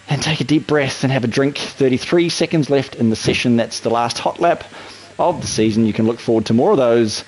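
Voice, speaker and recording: A man commentating a sim race lap with excited, colloquial patter. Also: mid-range voice, brisk, breathy edge, low-quality recording. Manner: excitable, colloquial, talks through an onboard lap. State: a little out of breath. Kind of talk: energetic sim racing commentary.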